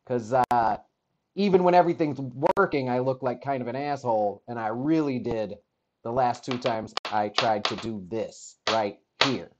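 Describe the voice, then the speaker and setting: A man's voice: medium pitch, moderate pace, highs cut off. A man hosting a podcast live, talking casually in a rambling, wry, self-deprecating way. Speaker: podcast host.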